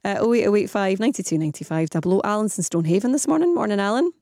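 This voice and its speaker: A woman's voice: medium pitch, lively intonation, fast, dark tone, dry recording, studio quality. A Scottish woman hosting a radio phone-in, chatty, reading out listener messages and talking with callers. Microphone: studio mic.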